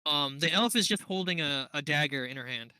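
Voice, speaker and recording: A man's voice: on the high side, lively intonation, fairly quick, sharp tone, clear, resonant tone, no room sound, low-quality recording. A man running a tabletop game as game master, narrating the scene and thinking aloud, laughing often.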